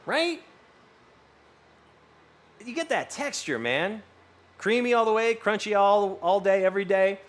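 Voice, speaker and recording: High-pitched, a little slow, and pausing often, a man from the US West Coast hangs out with his stream audience, reading chat. His stories ramble and he swears freely, staying animated throughout.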